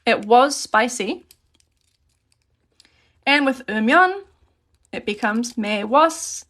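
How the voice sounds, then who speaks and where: A woman teaching a relaxed, chatty live grammar lesson and reading out questions from chat as she writes on paper at her desk. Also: on the high side, moderate pace. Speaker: Korean language teacher.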